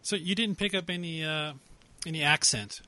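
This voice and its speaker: A man co-hosting a casual chat, speaking haltingly with many fillers and restarts. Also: fairly high pitch, sharp tone, no room sound.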